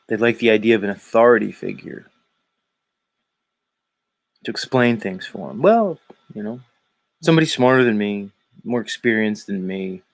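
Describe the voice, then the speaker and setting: A man's voice: fairly low pitch, gravelly, no echo, low-quality recording. A man with a Philadelphia accent who hosts a show, giving sardonic, musing livestream commentary that wanders off on tangents. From Philadelphia area, US. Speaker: show host.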